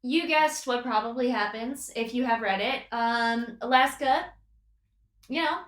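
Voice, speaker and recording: A woman co-hosting a book podcast, retelling the plot expressively and slipping into quoted lines. Her voice is bright and a little raised in pitch, and it carries a roomy echo. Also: unhurried. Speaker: podcast co-host. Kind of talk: casual book discussion.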